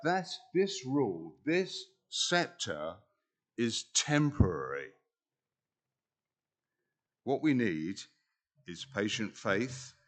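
Slow, measured male preacher. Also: on the low side. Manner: measured, earnest preaching with deliberate pauses. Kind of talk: sermon.

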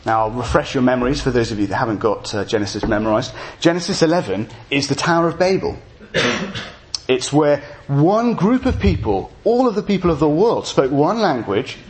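Animated preacher with a lively pitch. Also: male voice. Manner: animated, with jokey asides to the congregation. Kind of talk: evening sermon.

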